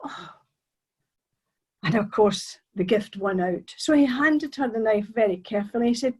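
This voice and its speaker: Breathy woman telling a story. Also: fairly high pitch, moderate pace, poor audio. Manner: animated, suspenseful, chatty asides. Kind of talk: oral storytelling performance.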